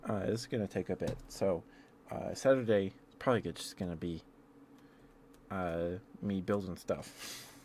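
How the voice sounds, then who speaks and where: A very low-pitched man chatting on a live stream. He talks in an excitable, rambling way, with many fillers and quick little laughs. He stays friendly with the viewers, with a faint hiss behind him. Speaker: ASMR streamer. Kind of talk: casual live-stream chat.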